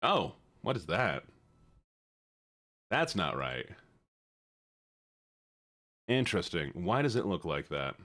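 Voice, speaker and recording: A man's voice: deep voice, very animated, slow, pauses often, fairly bright tone, no room sound, clean studio sound. A man streaming live, chatting with his viewers in a playful, teasing way.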